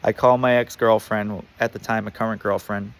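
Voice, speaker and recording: A man's voice: lowish voice, little pitch movement, normal speed. A man telling a personal story in a casual, rambling way, full of fillers and swearing.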